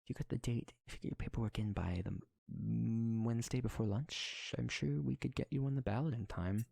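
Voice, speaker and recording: A man's voice: medium pitch, fairly quick, creaky, a little mellow, no room sound. A man voicing a chatty male shopkeeper in a tabletop game, with rambling bureaucratic patter. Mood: officious.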